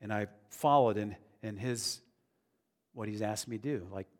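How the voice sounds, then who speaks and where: Here the pastor's voice sits on the low side and sounds a little mellow, moving at normal speed. His sermon starts earnest and conversational, then climbs to emphatic declarations, all echoing with the long reverb of a large hall.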